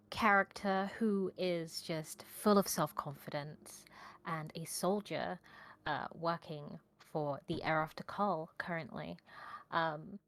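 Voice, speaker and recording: A woman who leads a gaming channel, chatting casually in a cheerful, giggly way. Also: mid-range voice. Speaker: gaming channel leader and player. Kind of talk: casual chat.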